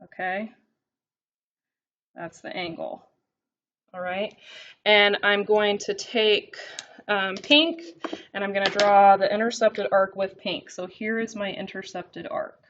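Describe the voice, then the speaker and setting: A woman teaching a recorded math lesson, working through notes as she writes. She keeps checking in with her students with a quick "okay?". The recording sounds a little dull and lo-fi. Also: mid-range voice, steady tone, fairly bright tone, a little hiss or hum. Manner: talks while writing, frequent "okay?" check-ins.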